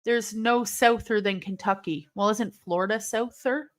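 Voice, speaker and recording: A young woman hosting a live watch-along stream, reacting aloud to a match with excitable, swearing commentary. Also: medium pitch, measured pace. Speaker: livestream host.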